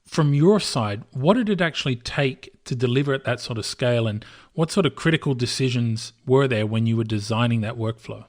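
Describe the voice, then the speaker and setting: A man hosts a podcast interview and puts measured questions to his guests. His voice sits at an ordinary pitch for a man.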